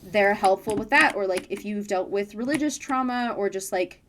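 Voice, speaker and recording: A woman's voice: medium pitch, moderate pace, fairly bright tone, slight background noise. A woman in her twenties chatting candidly while streaming a game, full of "like" fillers. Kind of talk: casual chat while gaming.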